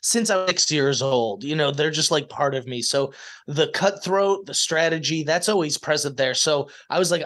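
A man's voice: on the high side, moderate pace, a bit bright. A man in his late twenties, a guest chatting casually on a video call and laughing often. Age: late 20s. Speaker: podcast guest, reality show contestant. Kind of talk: casual chat.

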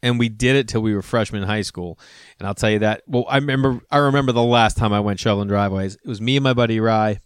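A middle-aged man talks casually as a podcast host, wandering through stories with plenty of restarts. His voice is smooth and resonant, recorded dry and close with no room sound. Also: on the low side, fast talker, dry recording. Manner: rambling storyteller, frequent fillers and restarts. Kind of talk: casual chat with read ad.

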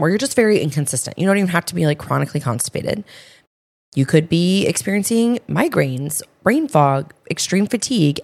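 A woman co-hosting a health podcast in casual chat, emphatic and listing points in quick runs. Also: on the low side, darkish tone. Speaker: podcast co-host, health coach.

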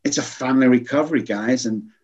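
A man's voice: mid-range voice, fast talker, darkish tone, dull audio, a little hiss or hum. A man, a guest in an interview, explaining alcohol recovery earnestly and acting out quoted voices. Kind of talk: conversational interview.

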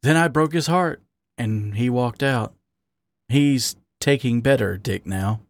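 A man's voice: mid-range voice, takes it slowly, dry recording. A man voicing a weary, dejected gay raccoon at a bar who mutters and grumbles.

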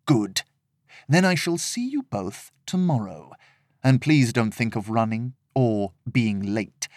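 A calm, menacing swordsman with clipped, deliberate threats, as a male reader puts him on. The voice sits low and quiet, recorded dry and close with no room sound. He speaks slowly and never raises his voice. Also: dry recording. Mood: coldly threatening.

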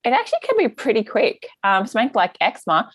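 A woman's voice: a little high, wildly swooping pitch, fast talker, no echo. A woman, a gut health practitioner explaining things in a chatty interview with lots of fillers. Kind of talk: casual interview answers.

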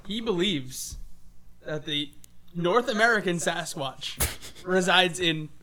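A man on a podcast, chatting casually and adding quick joking remarks. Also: high-pitched, sharp tone, rough recording. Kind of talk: casual chat.

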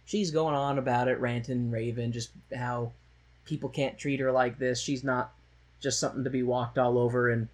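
A man with a husky, slightly breathy voice talks through a film in loose, casual chat. He rambles and laughs a lot, carrying a sardonic edge as he retells scenes. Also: medium pitch, fairly even intonation, moderate pace. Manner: rambling, laughs often, slips into mocking voices for quotes. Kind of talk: casual chat, movie discussion.

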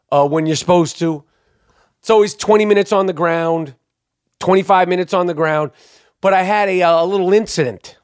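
A man hosting a podcast, rambling through a story with plenty of swearing and worked-up asides. His voice sits a little high for a man. It comes across dry and close on the microphone. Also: no echo. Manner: rambling, profane, excitable storytelling. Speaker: podcast host. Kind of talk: casual storytelling monologue.

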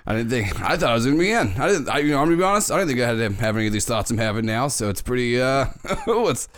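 Man putting on a flustered mall cop, rambling, higher than his own voice, tabletop game. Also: expressive, racing, a bit bright, lightly acted. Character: nervous, shaken adult male mall cop.

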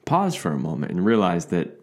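A man co-hosts a relationship podcast and recounts a night with his partner in relaxed, conversational storytelling. He laughs often. His pitch swings widely, so he sounds lively and expressive. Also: brisk. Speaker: podcast co-host. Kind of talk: casual storytelling chat.

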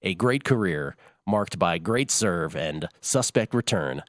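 Chatty low-voiced male sports host. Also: expressive, no echo, studio quality. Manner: chatty, rambling, quick asides and laughs. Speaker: sports betting show host. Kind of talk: casual sports talk.

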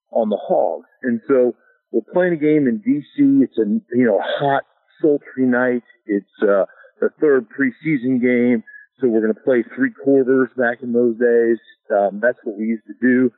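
A man's voice: medium pitch, dry recording. A middle-aged man from Alaska, a former pro football lineman, telling stories in a casual interview, easygoing and chuckling, full of "you know" fillers. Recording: tinny dry phone line.

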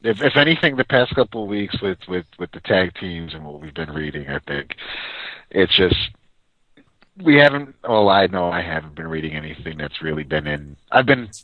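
A man's voice: deep voice, expressive, normal speed, dry recording, muffled recording. A man co-hosting a comic book podcast in casual chat, hesitant and repeating words. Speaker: podcast co-host.

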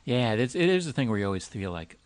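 A man hosting a podcast in casual chat, wry and teasing, with sudden jumps in loudness. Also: mid-range voice, big pitch swings, quick pace, clear, resonant tone, no room sound. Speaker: podcast host.

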